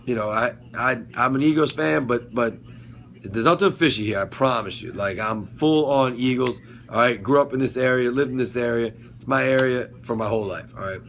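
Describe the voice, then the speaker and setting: A man talks straight to camera in a loose, rambling vlog, circling back with fillers and restarts and dropping the odd swear word. His voice sits at an ordinary middle pitch. A faint room ambience hums quietly underneath. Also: moderate pace, slight background noise. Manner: swears casually, laughs at his own jokes. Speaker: sports and TV review vlogger. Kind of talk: casual solo vlog commentary.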